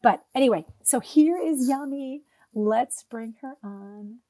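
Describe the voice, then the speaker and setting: A woman's voice: a little high, slow pace, mellow, dry recording. Woman, podcast host, chatty storyteller, dry close recording. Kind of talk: casual podcast interview.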